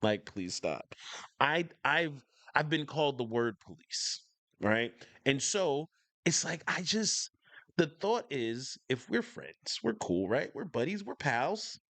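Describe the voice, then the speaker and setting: A man's voice: on the high side, sing-song, slow, a bit bright, dry recording. A man from the northern United States giving casual reaction commentary as a channel host, speaking emphatically and enunciating every word, repeating his points for stress. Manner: emphatic, clearly enunciated, opinionated.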